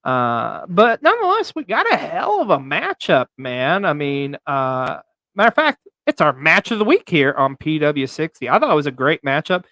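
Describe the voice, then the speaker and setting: A man's voice: on the high side, sing-song, normal speed, bright, forceful tone, dry recording. A man hosting a wrestling recap show, delivering in a theatrical, announcer-like way. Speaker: host.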